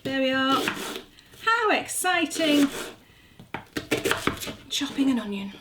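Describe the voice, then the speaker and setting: A woman's voice: high-pitched, big pitch swings, slow pace. A middle-aged woman chatting casually while demonstrating a recipe in her kitchen, joking about herself as she works. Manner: chatty, self-mocking, talks while working. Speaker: gardening vlogger. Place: home kitchen. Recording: audible background noise.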